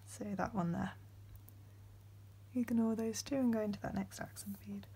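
A young woman, hosting a step-by-step beading tutorial in a soft voice that often drops to a whisper, with frequent ums. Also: mid-range voice, normal speed, husky.

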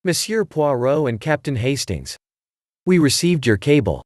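A man voicing a grave, steadfast male archaeologist who speaks calmly and courteously. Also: medium pitch, a little slow, dry recording, studio quality.

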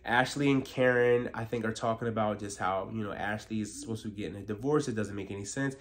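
A man's voice: on the low side, fast. Opinionated man recapping reality TV. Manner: opinionated, filler-heavy with frequent "like". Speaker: TV recap vlogger.

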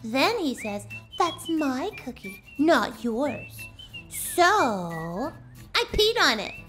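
A woman's voice: sits high, huge pitch swings, extremely slow, pushed and bright, heavily acted. A woman voicing a chatty, bossy and forgetful little girl dog in a comedy web series, musing aloud and easily startled. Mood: gossipy. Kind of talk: comedic voice-over. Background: music.

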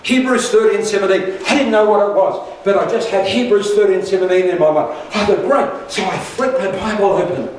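An older pastor preaching a sermon, his fairly high voice carrying through a very echoey church hall. He is picked up from a distance and tells a personal story with humour and quick asides. A faint hiss sits under the recording. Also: a crowd in the background.

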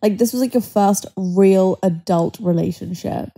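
Young woman co-host, blunt and laughy, mellow warm voice. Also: medium pitch, unhurried, slightly rough. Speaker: podcast co-host. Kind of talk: casual chat.

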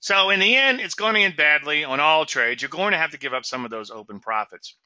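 Middle-aged guy from louisiana talking trades, real bright voice, keeps going "okay?", dull dry audio. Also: fairly high pitch, animated, fairly quick, no echo. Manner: chatty, sarcastic asides, keeps asking "okay?". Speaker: trading commentator. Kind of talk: webinar commentary.

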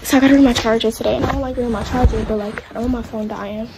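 A woman's voice: on the high side, steady tone, rapid-fire, background noise. A teenage girl, chatting casually to viewers at home on a phone camera. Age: teens. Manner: chatty, addresses viewers as y'all. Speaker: vlogger. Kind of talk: casual vlog chat. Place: home, indoors. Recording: loud music under the voice. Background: loud background music.

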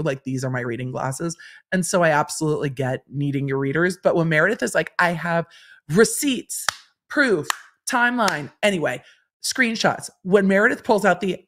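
A woman in her forties from Los Angeles hosting a casual livestream, chatting and reading viewer comments, often repeating phrases for effect. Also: lowish voice. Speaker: host and lawyer commentator.

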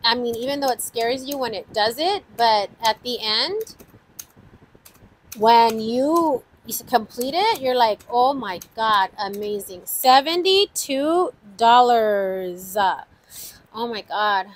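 A woman talking to her viewers in a casual budgeting vlog, her voice sitting a little high. She takes her time, counting numbers aloud in an unhurried way and breaking into frequent exclamations. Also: slight background noise, rough recording. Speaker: budgeting channel host. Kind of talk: casual savings-challenge vlog.

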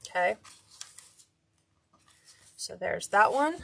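A woman's voice: mid-range voice, animated, extremely slow, gravelly, pushed and bright. A woman hosting a hands-on craft tutorial, chatting casually and talking to herself as she works. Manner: chatty, talks to herself while working.

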